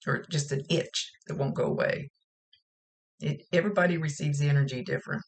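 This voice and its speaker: A woman's voice: deep voice, fairly even intonation, a little fast, gravelly. A woman psychic medium giving a reading, chatting plainly as she relays spirit messages. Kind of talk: recorded psychic reading monologue.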